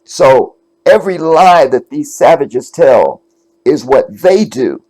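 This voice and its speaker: Male host reacting to clips, emphatic and profane, mid-pitched voice. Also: lively intonation, slow pace, a little mellow. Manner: emphatic, profane, talks straight to viewers. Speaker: commentator host. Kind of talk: casual reaction commentary.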